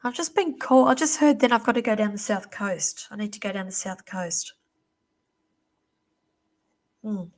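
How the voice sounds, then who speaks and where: A woman hosting a live-stream psychic reading, chatty and reassuring, calling viewers darling, her voice going a little hoarse. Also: mid-range voice, lively intonation, fairly quick. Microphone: computer or phone mic on a live stream.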